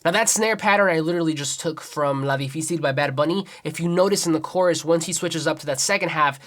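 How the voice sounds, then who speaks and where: This young man's voice is a little high and fairly bright, and he talks at a quick pace. Casually guiding viewers through his beat as it plays, he counts the rhythm and explains every layer in a tutorial style.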